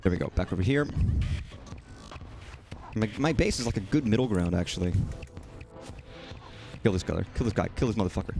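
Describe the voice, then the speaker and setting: A young man streaming a game, swearing freely and talking excitedly to himself as he plays. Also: fairly low pitch, brisk, gravelly, long pauses, soft background music. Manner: profane, excitable, talks to himself while playing. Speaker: gaming streamer. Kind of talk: live gameplay commentary.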